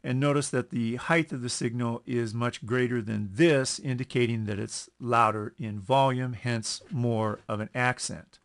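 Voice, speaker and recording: A man teaching a music lesson over a screen recording, explaining at an unhurried pace, correcting himself and counting beats aloud. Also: medium pitch, fairly even intonation, vocal fry, a little hiss or hum. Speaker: music instructor.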